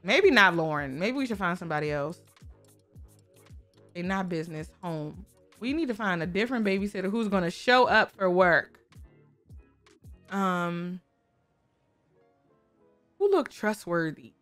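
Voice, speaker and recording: A woman's voice: lowish voice, expressive, measured pace, long pauses, a bit bright, soft background music. A woman casually commenting on her game, chatty and exclaiming, talking to viewers and to the characters, with speech. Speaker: gaming YouTuber.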